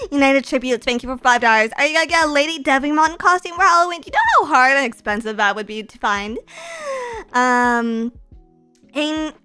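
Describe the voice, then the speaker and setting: Woman streamer, bright and sharp-toned, excitable and playfully sarcastic while reading donations. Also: high-pitched. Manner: giggly, excitable, bursts into shrieking laughs. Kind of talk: casual live-stream chat.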